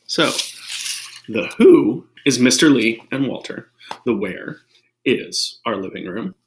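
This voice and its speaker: A man teaching first graders from his living room, reading a picture book aloud in a lively storytelling manner. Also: medium pitch, takes it slowly, slight background noise, poor audio. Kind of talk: read-aloud lesson for kids.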